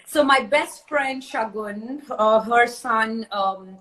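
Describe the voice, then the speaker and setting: A woman in her forties chats on a phone, telling her side of a story. Her voice sits a little high, and her talk is full of "uh" and "um" as she works through it. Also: takes it slowly, a bit bright, poor audio. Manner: chatty storytelling, many fillers. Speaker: live stream host. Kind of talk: casual chat on a live stream.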